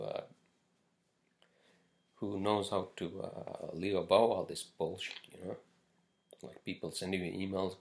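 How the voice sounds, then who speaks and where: A man's voice: on the low side, gravelly. A man hosting a casual solo podcast, ranting bluntly with lots of swearing and filler words. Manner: blunt, profane, rambling with many fillers. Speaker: podcast host.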